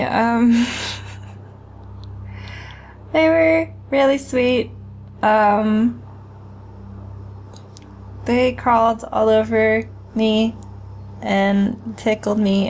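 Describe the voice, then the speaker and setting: A woman's voice: fairly high pitch, vocal fry, slight background noise. A woman streaming a horror game, reacting with jittery swearing and nervous laughter and reading game text aloud. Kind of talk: live gameplay commentary.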